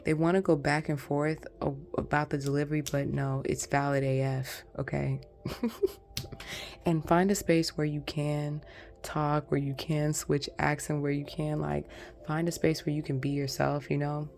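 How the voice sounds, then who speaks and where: A woman reads tarot cards for her viewers in a loose, rambling, chatty way. Her voice sits low and has a gravelly fry to it. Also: flat delivery, moderate pace, darkish tone. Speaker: tarot reader. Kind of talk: casual pick-a-card tarot reading.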